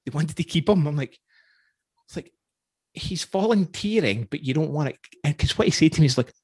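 Husky Scottish man telling rambling stories. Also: a little high, lively intonation, brisk, a little mellow, no room sound, clean studio sound. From Scotland. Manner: rambling storyteller, chuckles often. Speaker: podcast host. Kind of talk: casual interview chat.

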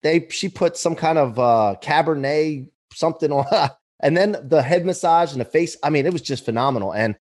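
A man's voice: a little high, moderate pace. A man hosting a podcast, chatting casually and joking with his guest, telling anecdotes with laughs. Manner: jokey, laughing, animated storytelling. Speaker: podcast host. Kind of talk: casual interview chat.

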